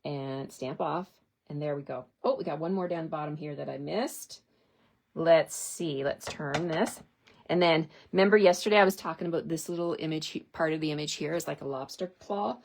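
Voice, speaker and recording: A woman's voice: low-pitched, normal speed, vocal fry, a little hiss or hum. A woman giving a casual, chatty card-stamping tutorial, talking to her viewers as she works. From Canada. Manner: chatty and giggly, talks to viewers while working. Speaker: stamping demonstrator.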